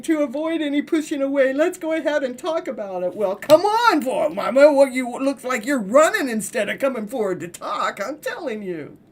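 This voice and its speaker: A woman with a high-pitched voice gives a live tarot reading in a chatty manner. She laughs often and performs voices for the figures in the cards.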